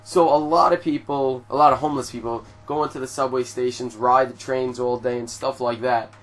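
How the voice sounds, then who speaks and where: A young man tells a story straight to his viewers. His delivery is loose and animated, full of fillers and casual swearing, and his voice sits at an ordinary middle pitch. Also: brisk. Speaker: vlogger.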